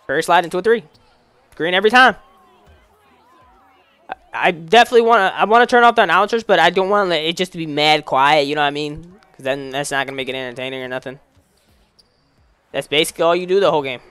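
A young man giving casual commentary while playing a basketball video game, slangy and excitable, calling out plays to the game. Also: a little high, quick pace, pauses often, clean tone, no echo. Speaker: gaming YouTuber.

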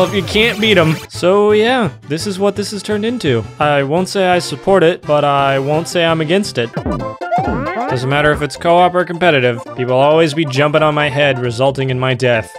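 Young guy doing goofy let's play commentary, kinda high voice, loud game music behind him. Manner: jokey, exaggerated, yells at teammates. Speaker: gaming YouTuber.

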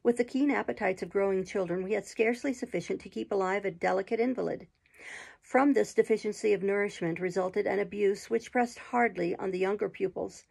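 A woman narrates a classic novel as an audiobook, steady and measured, now and then stumbling over a word. Her voice is husky and breathy, with a gravelly fry. Her pitch sits in a middle range.

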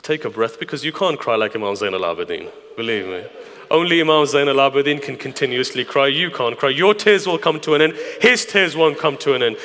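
A man preaching a grieving, impassioned mourning sermon, moving from hushed asides to loud lament in a large hall. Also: medium pitch, expressive, brisk. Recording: long hall reverb.

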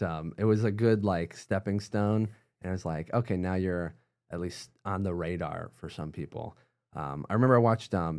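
Young male guest, low-pitched voice, casual and animated storytelling, full of fillers and acted-out quotes. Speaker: guest, YouTuber.

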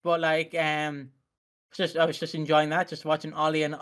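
A man's voice: fairly high pitch, completely flat delivery, moderate pace, fairly bright tone, clean tone. A man co-hosting a podcast, telling rambling stories in casual chat with filler words. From Britain. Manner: rambling, giggly storyteller. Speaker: podcast co-host.

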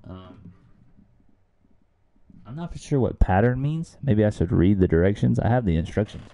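A young man chats casually on a late-night game stream, thinking aloud as he fumbles through the instructions for his new desktop condenser mic, placed close. His voice is lowish, animated and warm, at a moderate pace.

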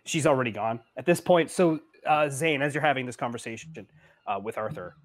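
Relaxed male game master from Canada who laughs a lot. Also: medium pitch, fairly quick. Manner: laughs often, loose. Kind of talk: narrating a tabletop game.

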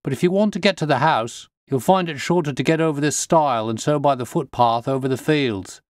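A man voicing a brisk, sharp-minded gentleman detective, crisp and commanding in manner. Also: a little high, dry recording, clean studio sound, voice pushed up, close to an everyday voice.

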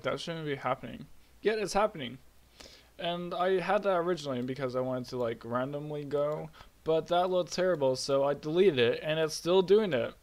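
A young man casually narrating his own game project, rambling with bursts of high-pitched glee. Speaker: hobby game developer. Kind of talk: casual screen-recorded devlog.

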